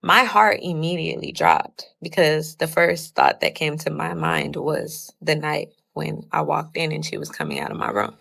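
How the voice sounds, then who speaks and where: A woman's voice: low-pitched, very animated, normal speed, gravelly, few pauses, a bit bright. A young woman casually telling a personal story, retelling it with lots of "I was like" quotes.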